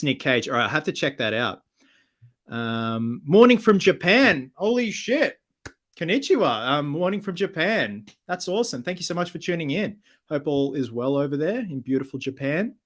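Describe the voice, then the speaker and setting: A man's voice: fairly high pitch, expressive, moderate pace, a bit bright. A man hosting a casual livestream Q&A, reading viewer comments aloud and replying in an upbeat, chatty way.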